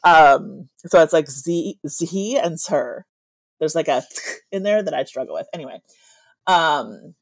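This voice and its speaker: A woman author telling a story in casual chat, with a slight lisp on her z sounds and lively asides. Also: low-pitched, no room sound. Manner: animated storyteller, quick asides.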